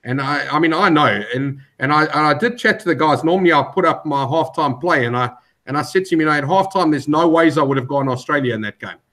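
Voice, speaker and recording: A male panelist on a sports betting show, with a voice pitched a bit high. He tells his stories in an animated way and stumbles over repeated words. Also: quick pace, few pauses. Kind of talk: casual betting chat.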